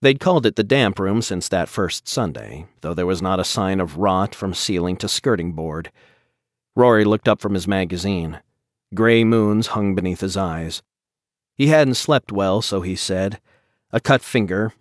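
Casting: male audiobook narrator, low voice, dry close recording, measured reading. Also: no room sound. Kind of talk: scripted narration.

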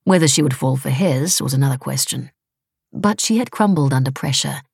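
A woman reading a novel aloud in steady, wry, measured audiobook narration. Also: very deep voice, vocal fry, slightly rough, no room sound, clean studio sound.

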